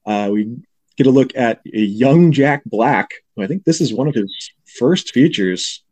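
A man co-hosting a podcast, casually recapping a film scene by scene and slipping into quick character impressions. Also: medium pitch, expressive, a little mellow. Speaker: podcast co-host. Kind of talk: casual movie recap chat.

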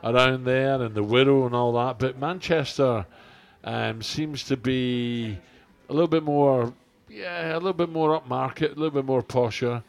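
A man's voice: mid-range voice, normal speed, creaky, hardly any pauses. An older man, co-hosting a podcast in casual chat, rambling through jokey anecdotes with plenty of fillers. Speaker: podcast co-host.

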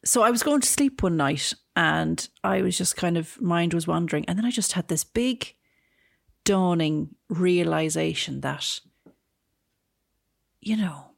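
A woman, co-hosting a podcast in casual chat, an animated storyteller who jokes as she goes. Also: fairly low pitch, a little slow, creaky, pauses often, slightly rough, dry recording, studio quality. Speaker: podcast co-host.

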